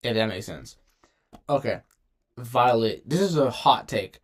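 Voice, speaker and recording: A man's voice: medium pitch, expressive, a little slow. A young man casually ranking game characters in a rambling, slangy commentary, often cutting himself off. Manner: rambling, slangy, self-interrupting. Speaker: gaming video creator. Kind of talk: casual tier-list commentary.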